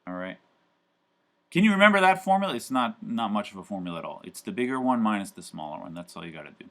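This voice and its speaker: Guy teaching a calc class live, kinda low voice, chatty, lots of um and uh. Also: big pitch swings, quick pace. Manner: casual, chatty, many fillers and asides. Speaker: university math professor.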